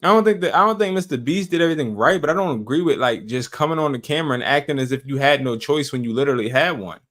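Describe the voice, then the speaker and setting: A man's voice: medium pitch, fast talker, a bit bright. A male host giving reaction commentary in a blunt, indignant way.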